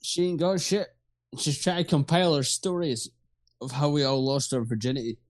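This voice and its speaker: A man's voice: a little high, steady tone, normal speed. A man co-hosting a podcast in casual chat, full of crude, mocking banter.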